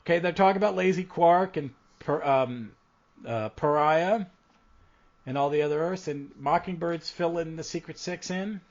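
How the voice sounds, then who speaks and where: A man's voice: fairly high pitch, normal speed. A man hosting a casual comic book podcast, recapping issues with lots of ums and restarts. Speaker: podcast host. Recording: dull lo-fi audio.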